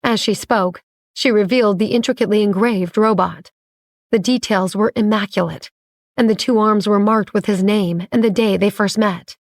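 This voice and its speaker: A woman reading a romance audiobook in measured, even storytelling on a close mic. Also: mid-range voice, dry recording. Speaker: narrator. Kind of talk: scripted audiobook narration.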